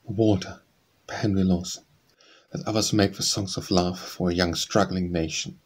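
Reading verse for an audiobook, a man keeps a low, faintly husky voice at a measured, steady pace. He doesn't vary his delivery much, staying even from line to line.

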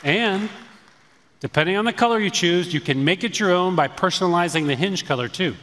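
A man giving a scripted product launch presentation on a large auditorium stage, in a polished, upbeat pitch. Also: animated, brisk, fairly bright tone, some chatter behind, a little hiss or hum. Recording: echoey auditorium with long reverb.

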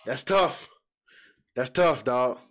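Soft background music plays as a man with a medium-pitched voice reacts to basketball, taking it slowly. In this casual video, he gets excited, uses plenty of slang, lets swears slip, and addresses viewers directly.

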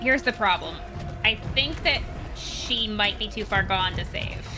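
A young woman playing a video game and commenting on it, chatty and animated, jumping between high squeals and low mutters and cooing at the creatures on screen. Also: a little slow, over music. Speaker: gaming streamer. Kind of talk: let's play commentary.

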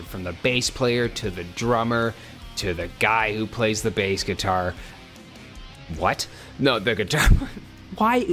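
A man's voice: on the low side, sharp tone. A man hosting a casual music reaction, joking around with profane, goofy asides. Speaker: music reaction channel host.

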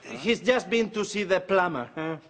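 An actor playing a boisterous, protective neighbour with an Argentinian accent in a sitcom for English learners. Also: male voice, high voice, lively intonation, moderate pace, a bit bright. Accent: Argentinian Spanish. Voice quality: heavily accented, emphatic.

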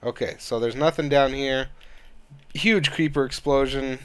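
A man's voice: mid-range voice, unhurried, clear, resonant tone. A man hosting his own gaming channel, talking through a let's-play in a frustrated, rambling way and swearing a lot. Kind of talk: casual let's-play commentary.

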